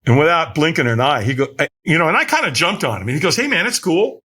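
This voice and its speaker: Lively, bright-voiced man telling a story. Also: on the high side, very fast. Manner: acts out quoted voices, shouting some lines. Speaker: podcast guest. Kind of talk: animated storytelling in conversation.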